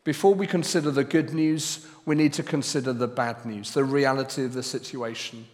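A man preaching a sermon as pastor, speaking slowly and deliberately and pressing hard on key words. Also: medium pitch, steady tone, long reverb tail. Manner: slow and deliberate, with loud emphatic stresses.

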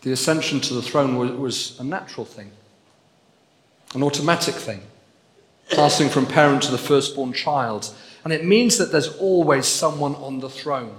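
A man preaching a sermon in a large, echoing room, his words trailing off into a long reverb. He talks earnestly and builds to emphatic, repeated phrases. His voice sits at an ordinary pitch for a man. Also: moderate pace. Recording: echoey hall with long reverb.

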